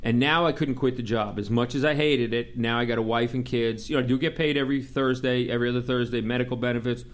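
A middle-aged man from Long Island with a New York accent, telling profane, animated stories in casual talk and mimicking the people in them. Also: mid-range voice, fast talker. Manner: animated, profane, mimics others in quoted dialogue. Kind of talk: casual storytelling.

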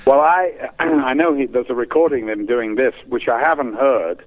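A man from England talks on a radio interview, rambling along with many pauses and restarts. He comes through a narrow, tinny phone line. His pitch sits in an ordinary middle range. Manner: rambling, hesitant, warm storyteller. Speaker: guest performer.

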